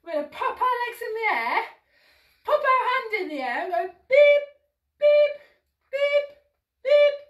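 High, bright woman leading toddler exercises. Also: very animated, normal speed. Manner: upbeat, sing-song and encouraging, coaxing little ones along; moving and exercising while talking, a bit out of breath. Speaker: children's exercise class instructor. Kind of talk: live-streamed toddler action-song class. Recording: roomy echo, voice from a distance.

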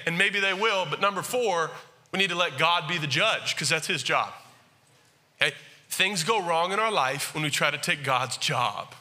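A male pastor giving a conversational, animated sermon, with frequent asides and questions to the congregation. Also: a little high, moderate pace.

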